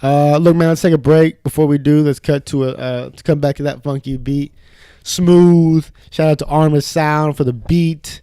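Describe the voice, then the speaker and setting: Male podcast co-host, slightly high voice, dry close mic, rambling profane storyteller. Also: steady tone, normal speed, mellow, clear, resonant tone, no room sound. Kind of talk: casual chat. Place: home studio.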